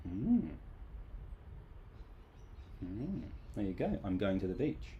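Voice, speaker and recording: A man's voice: on the low side, big pitch swings, unhurried, pauses often, dark tone, slight background noise. A man teaching English grammar in a casual, playful live online class.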